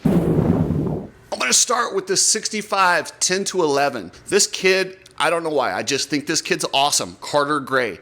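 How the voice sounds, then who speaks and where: A man's voice: on the high side, lively intonation, a little slow, sharp tone, a little hiss or hum. A man hosting a motocross coverage channel, chatting casually and animatedly about young riders and his channel. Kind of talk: casual commentary vlog.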